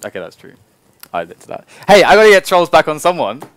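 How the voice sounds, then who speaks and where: A man's voice: fairly high pitch, big pitch swings, brisk, no echo. A man co-casting a live video game match, breaking down plays between playful banter. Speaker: esports co-caster.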